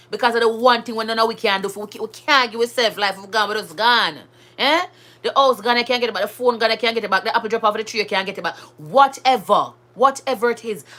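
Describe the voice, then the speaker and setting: A woman's voice: on the high side, sharp tone. A Jamaican woman with children of her own, talking to her viewers in a chatty, emphatic way and slipping between patois and standard English. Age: adult with school-age children. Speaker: vlogger. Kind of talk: casual monologue to camera.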